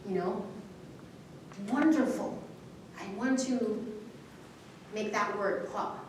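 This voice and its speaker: A woman teaching public speaking at a live seminar, coaching a student and modeling an expressive reading with pauses and emphasis. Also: mid-range voice. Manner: encouraging, expressive, demonstrates dramatic reading. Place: university hall seminar. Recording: very echoey hall from far off, faint noise.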